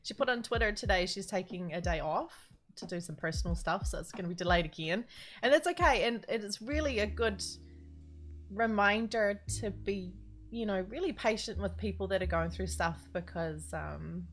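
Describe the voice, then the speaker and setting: A woman live-streaming from home, chatting warmly and casually with her viewers, greeting them by name and laughing often. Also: medium pitch, moderate pace, soft background music.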